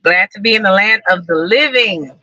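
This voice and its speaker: A woman with a mid-range, pushed, bright voice live-streams from a car parked outside a building, chatting casually with her viewers at a moderate pace. She talks freely, repeats herself, and laughs often, and the audio is dull with no echo.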